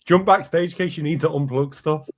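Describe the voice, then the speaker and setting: A man's voice: on the high side, brisk. A man helping with a live online show, cutting in with mocking, sweary remarks. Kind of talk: casual live-stream chat.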